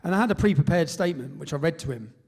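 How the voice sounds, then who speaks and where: A man's voice: on the high side, lively intonation, racing. A man with an English accent telling a story in a live speech, driving his points home and tagging them with "yeah?". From England. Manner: emphatic, tags points with "yeah?". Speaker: speaker at a public event.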